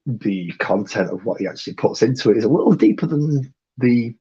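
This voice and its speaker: A man's voice: mid-range voice, lively intonation, a little fast, dark tone, husky. A man in his forties with a British accent, chatting bluntly and grumbling while painting on a stream. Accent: British English. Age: 40s. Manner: blunt, swears freely, grumbling. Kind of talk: casual chat. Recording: muffled lo-fi audio.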